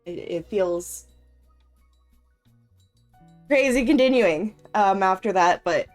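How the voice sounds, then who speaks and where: A woman's voice: mid-range voice, expressive, slow pace, soft background music. A woman game streamer chatting casually to her viewers, emotional and stammering, often laughing as she talks. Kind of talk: casual live-stream chat.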